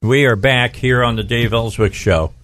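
A man's voice: medium pitch, moderate pace, a bit bright, slight background noise. A middle-aged man hosting a talk radio show from his studio, rambling and restarting his sentences, stretching out words for emphasis.

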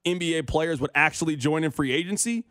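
Animated man hosting sports talk radio. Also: fairly high pitch, fast, clear, resonant tone, no echo, clean studio sound. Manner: animated, self-mocking, whiny complaints. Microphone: studio microphone.

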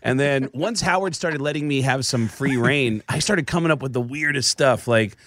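Animated American comedian telling stories. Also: male voice, mid-range voice, moderate pace, no room sound. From United States. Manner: animated, jumps into voices. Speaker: comedian guest. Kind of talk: casual storytelling interview.

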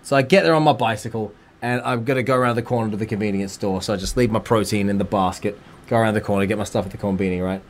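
An Australian man co-hosting a casual chat show, telling stories with lively outbursts. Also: fairly low pitch, very fast, slight background noise. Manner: animated storyteller, swings into loud outbursts. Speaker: co-host.

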